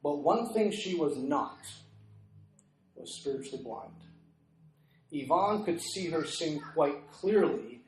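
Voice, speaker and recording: A middle-aged man delivers a sermon as a lively story, acting out the people in it. His voice sits a little high, and it rings around an echoey church room. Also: slow, long pauses. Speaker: preacher.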